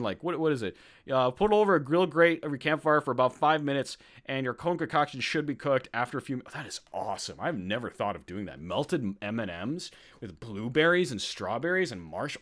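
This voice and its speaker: A man hosting a live-streamed podcast in casual chat, excitable and reacting loudly while he reads a list aloud, hungry. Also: mid-range voice, fairly quick. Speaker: podcast host.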